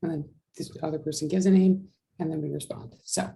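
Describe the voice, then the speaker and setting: A woman's voice: low voice, steady tone, brisk, vocal fry, dark tone, low-quality recording. A woman teaching a sign language class over a video call, patiently explaining each step. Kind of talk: online class instruction.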